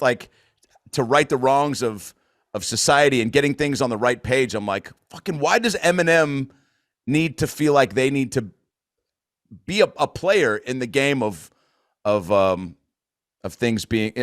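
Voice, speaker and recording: An American podcast host chats casually in a rambling, loose style, swearing plenty. His mid-range voice has lively intonation at a moderate pace, and the studio-quality recording has no room sound.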